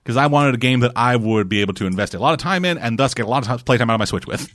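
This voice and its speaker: A man talks games at a quick clip, rambling through his points with plenty of swearing and restarts. His voice sits at a middle pitch and sounds dry, with no room around it. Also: animated, fairly bright tone, dry recording. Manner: rambling, swears freely, many restarts and fillers. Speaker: podcast co-host. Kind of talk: casual gaming chat.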